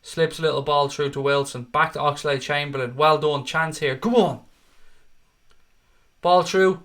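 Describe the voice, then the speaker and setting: Hosting a live fan watchalong, a man calls the match play by play, excitable and swearing freely. He rants at the referee and chats with viewers in the live chat. His voice is fairly high, with a moderate pace and long pauses.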